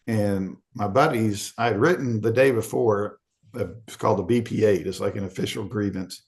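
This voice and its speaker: A middle-aged man from Arkansas speaks as a podcast guest, telling his story candidly. His voice sits low and has a gravelly fry. He slips into the quoted voices of the people in it. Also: normal speed. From Arkansas, USA.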